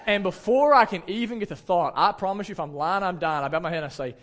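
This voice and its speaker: A fairly high-voiced man, preaching from the pulpit. He tells stories in a lively, self-deprecating way, full of casual fillers and asides to his congregation. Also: fast. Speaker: pastor. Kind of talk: storytelling sermon.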